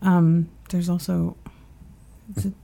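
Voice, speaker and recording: A woman's voice: fairly low pitch, flat delivery, takes it slowly, gravelly, mellow. A young woman co-hosting a podcast in casual chat, chatty and often trailing off while she searches for names. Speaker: podcast co-host.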